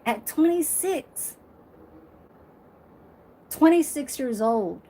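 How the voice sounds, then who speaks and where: Woman vlogger in her forties, blunt and profane, unhurried delivery. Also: high voice, expressive. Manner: blunt, emphatic, profane, laughs loudly. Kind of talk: casual monologue to camera.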